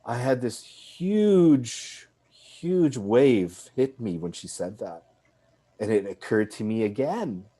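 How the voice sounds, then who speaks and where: A man being interviewed as a filmmaker, telling a personal story in an animated way with frequent "like"s and restarts. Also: medium pitch, slow pace. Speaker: filmmaker guest.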